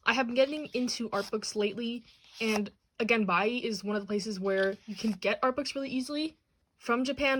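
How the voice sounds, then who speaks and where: A young woman hosting a manga haul and unboxing vlog, talking casually and gushing with excitement over her items. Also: fairly high pitch, brisk, slight background noise. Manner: bubbly and gushing, excitable asides. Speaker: channel host.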